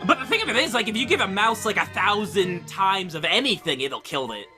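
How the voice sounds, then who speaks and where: A man's voice: high voice, expressive, brisk, over music. A man co-hosting a podcast in casual chat, rambling confidently about things he half knows. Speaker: podcast co-host.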